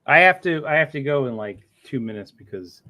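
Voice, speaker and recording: A man's voice: medium pitch, lively intonation, brisk, pushed and bright. Joking male stream host. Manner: joking, teasing. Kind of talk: casual chat.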